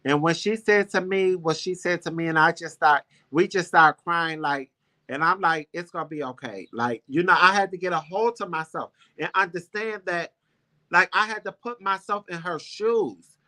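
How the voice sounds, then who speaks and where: A man's voice: high-pitched, normal speed, pushed and bright. A man hosting a casual talk show, telling a personal story in a heartfelt, rambling, emphatic way. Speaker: show host.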